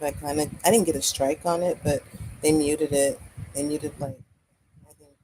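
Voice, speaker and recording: A woman chatting candidly and freely on a casual live stream at home while she paints. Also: low voice. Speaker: livestreamer. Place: indoors at home. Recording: loud background noise.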